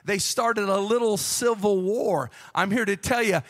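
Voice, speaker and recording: A man preaching a Pentecostal sermon with a fervent, rhythmic delivery that builds to shouting. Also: high voice, measured pace, long reverb tail. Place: church sanctuary.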